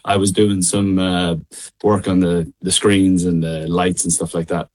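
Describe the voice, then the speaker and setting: A man's voice: deep voice, little pitch movement, a little slow, darkish tone, low-quality recording. A young man with a midlands Irish accent, a singer chatting as an interview guest over a call, laughing often and hesitant with many fillers. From Ireland. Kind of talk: casual interview chat. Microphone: remote call.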